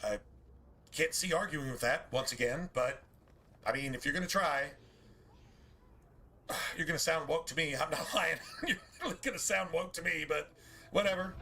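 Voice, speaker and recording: Man, game streamer, casual livestream rant, profane, preachy, rhetorical questions, bright tense voice. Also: a little high, normal speed, long pauses.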